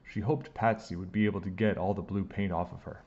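A man reading a children's book aloud with expressive delivery. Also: low-pitched, fairly quick, highs cut off. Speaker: storybook reader.

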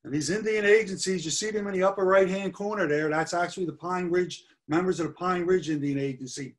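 A man's voice: high voice, brisk. Earnest man giving a history slide talk. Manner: earnest, stresses key points with repetition. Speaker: history presenter. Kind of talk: slide presentation lecture.

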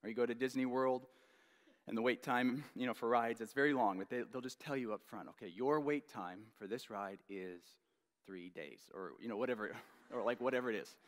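A man preaching a sermon as pastor, earnest, repeating key phrases and dropping to a hush at the ends of lines. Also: medium pitch, brisk, long reverb tail. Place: church sanctuary.

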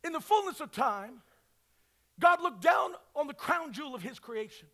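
A man preaching a sermon at a church service, swinging between fervent shouts and hushed, quiet passages. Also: very high-pitched, very animated, moderate pace. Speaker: pastor.

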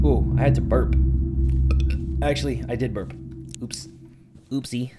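A young adult man doing jokey commentary while playing a horror game, yelping and shouting at the scares. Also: medium pitch, lively intonation, moderate pace, long pauses. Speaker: gaming YouTuber. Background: loud game music.

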